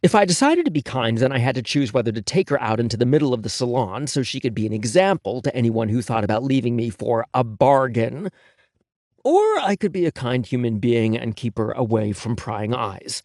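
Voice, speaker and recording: A man narrates a first-person audiobook with a sassy, sarcastic edge and plenty of swearing. His pitch moves a lot, and the close-miked sound is dry. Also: very animated, brisk, a little mellow, no room sound.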